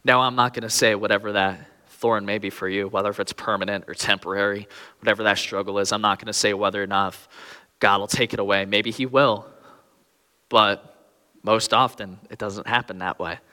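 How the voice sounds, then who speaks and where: Young guy preaching, bright forceful voice, earnest, long hall reverb. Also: lowish voice, steady tone, fairly quick. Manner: earnest, pleading emphasis on key phrases. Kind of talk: sermon.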